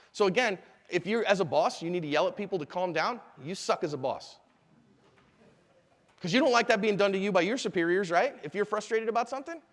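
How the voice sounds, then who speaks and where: Guy in his 40s teaching a class, high voice, lively, keeps asking the room stuff. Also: brisk, big-room sound. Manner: animated, asks the audience questions. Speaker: self-defense instructor. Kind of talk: live class lecture.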